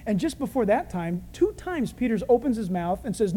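Animated preacher with lively pitch. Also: male voice, fairly quick, hardly any pauses, breathy edge, in a large hall. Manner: animated, conversational, humorous. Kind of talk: sermon.

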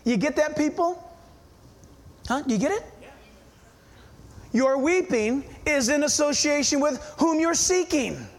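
A male pastor preaching a sermon, emphatic and full of rhetorical questions, dropping to hushed asides for effect. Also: very high-pitched, animated, measured pace, pauses often.

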